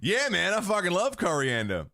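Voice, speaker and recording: Chatting loosely with his stream chat, this livestream host swears a lot and laughs often. His voice sits high with huge pitch swings, a creaky texture and a sharp tone, at normal speed. The studio sound is clean, with no room sound.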